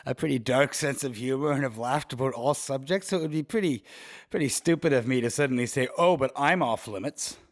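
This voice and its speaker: A young man co-hosting a casual chat show, telling a story with lively voices for the people in it. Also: mid-range voice, a little fast. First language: Swiss. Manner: animated storyteller, acts out quoted voices. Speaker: podcast co-host.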